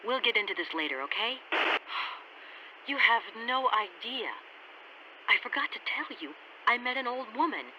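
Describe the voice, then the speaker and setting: A frightened, sharp-tongued scholar. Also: female voice, sing-song, unhurried, long pauses, full character voice. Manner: high-strung and sharp-tongued. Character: frightened, impatient young female scholar. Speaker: game character. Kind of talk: video game voice acting. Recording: dull lo-fi game audio, faint hiss.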